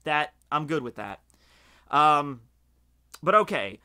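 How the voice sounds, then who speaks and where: A man from Scotland giving casual, rambling video commentary, excited and swearing freely, with lots of fillers. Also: a little high, takes it slowly, pauses often. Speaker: video reviewer.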